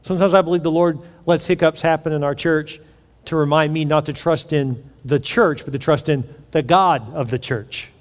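A man preaching a sermon as pastor, swinging from loud to hushed and acting out quoted voices. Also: fairly high pitch, moderate pace. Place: church auditorium. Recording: long reverb in a large hall.

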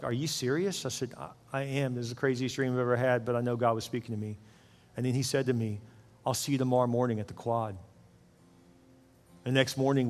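A middle-aged man preaching a sermon as pastor, telling a personal story in an earnest way and often repeating words as he goes. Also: mid-range voice. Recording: long hall reverb with faint music.

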